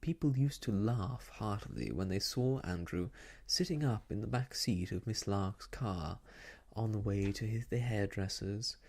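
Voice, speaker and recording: A man giving a soft ASMR story reading, gentle and slow, sometimes sinking into a whisper. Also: lowish voice.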